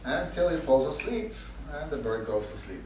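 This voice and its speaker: Male instructor, storytelling, halting phrases, echoey classroom, distant mic, faint hiss. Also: mid-range voice, very animated. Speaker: course instructor. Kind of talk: teaching a class with a parable. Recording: echoey room, mic far off, faint noise.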